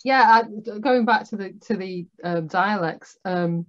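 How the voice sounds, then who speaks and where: A woman's voice: medium pitch, a little slow, dull audio. Chatty Northern English woman host. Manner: chatty, laughs often, many restarts. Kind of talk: casual interview chat.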